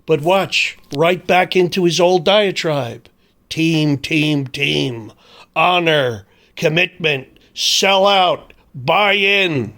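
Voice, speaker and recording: A man's voice: on the high side, very slow, pushed and bright. A man delivering an angry, sarcastic, profane sports commentary rant.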